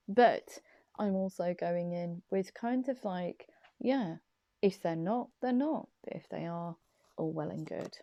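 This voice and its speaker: A woman's voice: fairly low pitch, takes it slowly, dark tone, no room sound. A woman giving a casual, chatty tarot reading. She rambles enthusiastically and giggles often, filmed in a small room on a desk camera. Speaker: tarot card reader. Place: small room at her parents' home. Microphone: camera on a small desk tripod.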